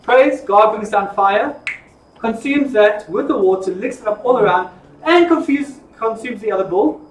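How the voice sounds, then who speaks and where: Man, Bible teacher, lively jokey storytelling, echoey room, distant mic. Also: sits high, normal speed, a little hiss or hum. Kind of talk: informal Bible study lesson.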